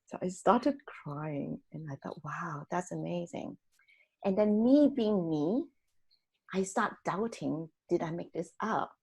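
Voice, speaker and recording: A woman's voice: lowish voice, lively intonation, measured pace, darkish tone, breathy edge. A woman sharing a personal story as a guest on a talk show. She tells it with lots of energy, laughing often and acting out the people she quotes.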